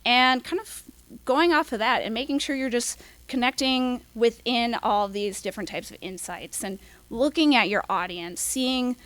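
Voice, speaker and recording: A young woman leads a casual workshop in a fairly high voice, rushing along with plenty of "um"s. Her voice sits close and dry, with no room sound around it. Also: a bit bright, no room sound. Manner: quick, filler-heavy, apologizes for talking fast. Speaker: workshop presenter.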